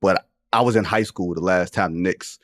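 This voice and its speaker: Forties dude on a sports podcast, kinda low voice, dry close mic, punchy and jokey. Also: male voice, normal speed, no echo. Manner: emphatic, joking, drawls into slang. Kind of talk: casual sports chat.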